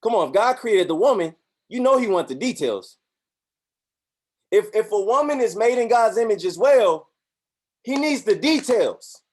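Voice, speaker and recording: A man giving a motivational talk, preachy and animated, acting out voices in his stories. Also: high-pitched, normal speed, long pauses. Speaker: motivational speaker.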